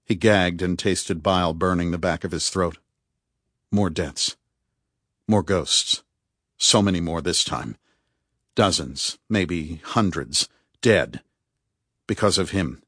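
Low-voiced man reading a dark novel. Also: slow pace, pauses often, no room sound, studio quality. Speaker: audiobook narrator. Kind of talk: scripted narration.

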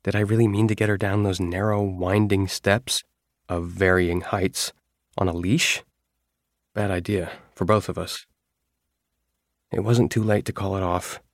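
A man reading a first-person story aloud in a measured, wry storytelling manner. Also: deep voice, level tone, dry recording, studio quality. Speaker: audiobook narrator. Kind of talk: scripted first-person narration.

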